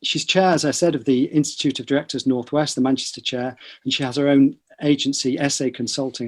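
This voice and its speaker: A middle-aged man, a neurology professor, hosting a relaxed podcast chat and introducing guests with light teasing asides. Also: mid-range voice. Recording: online broadcast discussion.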